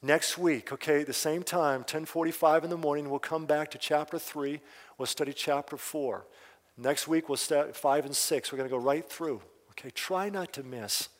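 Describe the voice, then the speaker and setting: A man's voice: a little high, moderate pace. A man preaching at a prophecy seminar, fervent and emphatic, who often puts questions straight to his listeners. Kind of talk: sermon. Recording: long hall reverb.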